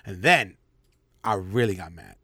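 A young man hosting a podcast in a loose, candid chat. He talks emphatically and repeats key phrases to drive them home. His voice is bright and forward, recorded dry and close. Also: low-pitched, animated, measured pace, husky, dry recording. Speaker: podcast host. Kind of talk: casual chat.

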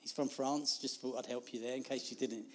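A man's voice: mid-range voice, steady tone, fairly quick. A man, preaching an informal sermon in a chatty, self-deprecating way and laughing through his asides. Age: 50s.

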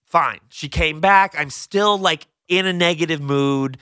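A young man co-hosting a casual podcast, telling a story animatedly with his voice jumping high when excited. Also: unhurried, smooth, no echo, studio quality. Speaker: co-host.

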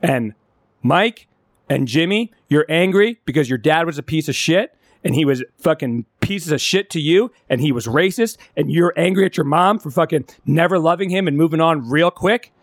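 A man's voice: fairly high pitch, lively intonation, moderate pace, dry recording, studio quality. A man co-hosting a casual podcast chat, talking with heated, profane passion and frequent restarts. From California. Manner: impassioned, profane, restarts a lot when upset. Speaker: podcast co-host.

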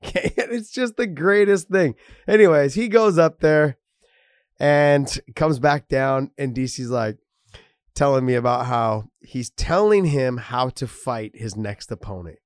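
A man's voice: fairly high pitch, lively intonation, a little slow, no room sound, studio quality. A man co-hosting a talk show, telling a story in a rambling, amused way and laughing as he goes. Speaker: podcast co-host. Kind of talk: casual storytelling.

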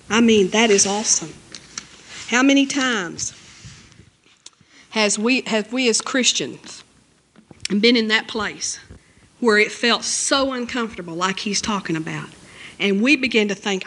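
A woman preaching a sermon and reading scripture aloud, emphatic and conversational, with her voice jumping up high on key phrases. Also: lively intonation, a little slow, a bit bright. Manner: conversational asides, 'you know'.

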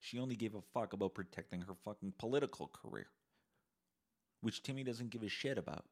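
A man's voice: lowish voice, expressive, brisk, vocal fry. A man from Canada hosting a solo podcast, ranting in a profane, sarcastic way. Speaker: podcast host.

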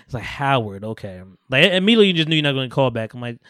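Fast-talking man retelling a movie. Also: mid-range voice, smooth, no echo, studio quality. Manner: animated, acts out quoted dialogue with profanity and slang. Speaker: podcast host. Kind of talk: casual chat, retelling a movie.

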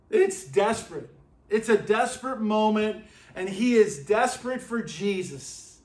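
A male pastor preaching a sermon, emphatic and repeating his phrases, at times dropping to a quiet, intense tone. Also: sits high, animated, a little slow. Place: church sanctuary. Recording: echoey church room.

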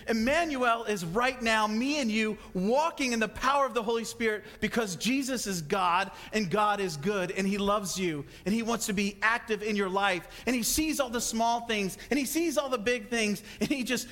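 Excitable high-voiced preacher in a reverberant hall. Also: male voice. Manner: fast, excitable, animated delivery with acted-out asides. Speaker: pastor. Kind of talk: sermon.

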